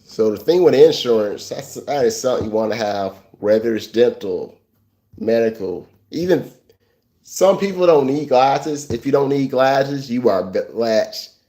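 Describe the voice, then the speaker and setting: On a casual livestream, a male host rambles to viewers about insurance, repeating points and restarting sentences. His medium-pitched, warm voice has lively intonation and a slightly slow pace, though the audio quality is poor.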